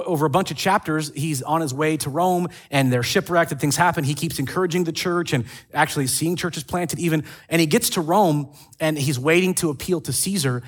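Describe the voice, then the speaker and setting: Male pastor, slightly high voice, animated storyteller, casual sermon. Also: breathy edge. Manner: animated storytelling with acted quotes and asides. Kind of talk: casual sermon retelling scripture.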